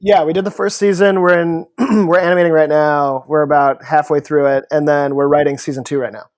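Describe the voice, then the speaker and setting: A man's voice: a little high, little pitch movement, a little fast, no room sound. Man on a dry close mic. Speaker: guest, TV writer. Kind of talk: casual chat.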